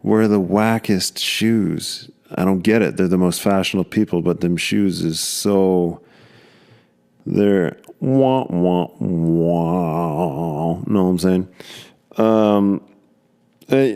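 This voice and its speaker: A man with a notably deep voice hosts a casual podcast. He talks loosely and rambles, jokes easily and slips in slang as he goes. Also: gravelly, darkish tone. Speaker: podcast host.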